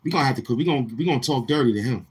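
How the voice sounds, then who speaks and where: A man's voice: medium pitch, expressive, rapid-fire, a little hiss or hum, rough recording. A man hosting a casual livestream, talking in brash, heckling, slang-heavy banter. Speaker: live-stream host.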